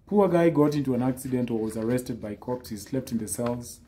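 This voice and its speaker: A man giving casual dating advice, lively and teasing, acting out the texts he quotes. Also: mid-range voice, a little fast, a little hiss or hum.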